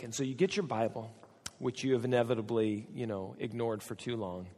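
In a church hall with a long, echoing reverb, a man gives a humorous sermon as pastor. He speaks a little fast in a mid-range voice, joking conversationally and acting out the voices of people he quotes.

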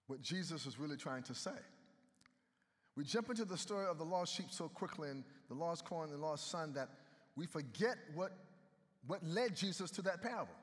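A man's voice: on the high side, a bit bright. A man preaching a sermon in a conversational way and bantering with the congregation, heard in an echoey hall. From United States. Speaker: pastor.

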